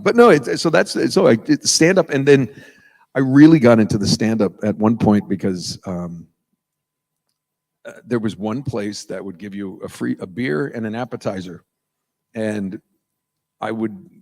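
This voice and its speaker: A man's voice: fairly low pitch, expressive, normal speed, darkish tone. A middle-aged man from New England, a voice actor guesting on a convention panel, telling rambling stories full of tangents and chuckles before a live audience in an auditorium. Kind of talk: casual stage chat with anecdotes.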